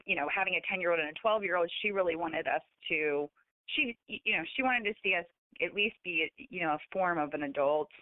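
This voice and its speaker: A woman author as a guest, talking about her late mother in a halting, emotional way with many restarts. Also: on the low side, no echo. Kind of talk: casual interview chat. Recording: tinny phone-line sound.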